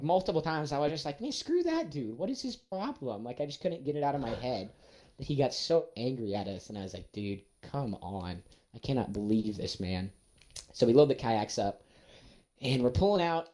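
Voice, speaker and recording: A young man, casually telling a story and acting out every quote with big jumps in his voice. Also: a little fast. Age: young adult. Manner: animated, acts out quotes with big pitch jumps.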